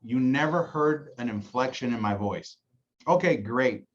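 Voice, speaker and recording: A man's voice: medium pitch, normal speed, slight background noise. Coaching man, muffled lo-fi sound. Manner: coaching, acts out phone calls, repeats "right?". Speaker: insurance agency director. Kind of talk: casual training talk.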